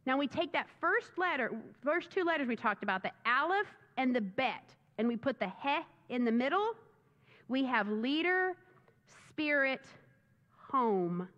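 A woman pastor preaching a sermon in an animated, enthusiastic way. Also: high voice, a little slow. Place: church sanctuary. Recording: dull sound with long reverb in a church.

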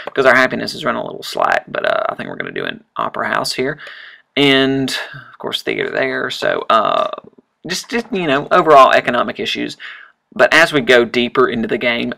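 A man giving casual, rambling commentary while playing a strategy game, full of fillers and sudden excited exclamations. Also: mid-range voice, creaky. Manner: rambling, chatty, frequent fillers and self-corrections. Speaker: let's-play host.

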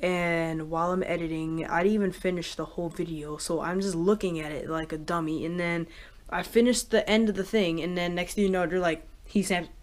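A woman vlogging casually, rambling with many fillers and getting excitable. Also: fairly low pitch, a little fast, a little hiss or hum. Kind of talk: casual reaction vlog.

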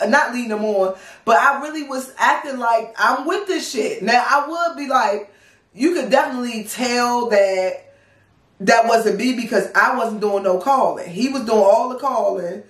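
A woman in her thirties from the Washington DC area, telling a personal story in a casual, profane, animated and wry way. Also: a little high, normal speed. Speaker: storytime vlogger. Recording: roomy sound, distant from mic.

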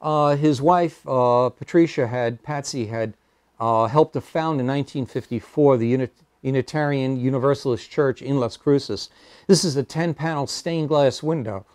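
A man lecturing to a local astronomy club, his voice sitting at an ordinary middle pitch. He speaks casually and haltingly, filling pauses with "uh" and dropping wry little asides. The sound is dry and close, with no room echo. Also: a little mellow. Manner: hesitant, many fillers, wry asides. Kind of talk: public lecture with slides. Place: meeting room.

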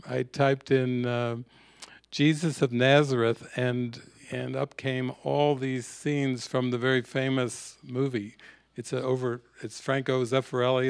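A man's voice: mid-range voice, creaky. A man teaching a spiritual retreat, telling stories and reflecting in a sermon-like talk. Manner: storytelling, reflective, quotes scenes.

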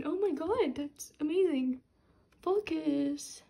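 A young woman vlogging casually at home, halting and restarting, gasping and squealing with excitement. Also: extremely high pitch. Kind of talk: casual unboxing chat. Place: home room.

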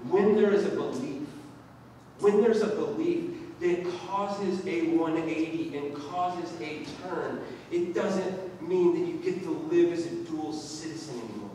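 Conversational preacher in an echoey hall. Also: male voice, on the high side, a little slow, distant mic, slight background noise. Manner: conversational storytelling, animated. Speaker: pastor. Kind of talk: sermon with personal story. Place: church hall.

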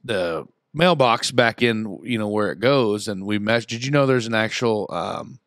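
A man's voice: fairly low pitch, moderate pace, a bit bright, dry recording, studio quality. A man in his thirties with a Southern Indiana accent, telling a long story in casual chat with his podcast co-hosts. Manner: rambling storyteller, acts out quotes. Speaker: podcast co-host.

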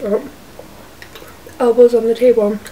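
This mukbang vlogger speaks in a mellow, unhurried way, her voice on the high side with fairly even intonation. Eating on camera at her apartment, she rambles loosely and says "like" constantly. The distant built-in camera mic, zoomed out, leaves a faint hiss.

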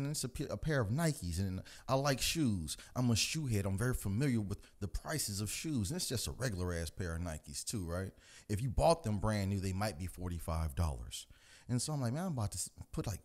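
Male host in his own rant, animated and profane, mid-pitched, from the US. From United States. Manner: animated and profane, mimics people in higher voices. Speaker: host of a commentary channel.

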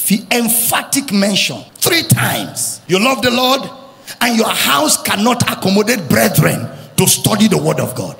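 A male pastor with a Nigerian accent preaching an impassioned sermon, shouting and chanting at the peaks. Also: high voice, big pitch swings, a little slow, vocal fry. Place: church hall. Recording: music and long reverb of a big hall.

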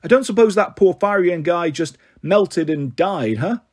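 A man's voice: high voice, expressive, measured pace. A man doing a cheeky wisecracking teen boy. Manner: cheeky, joking, casual.

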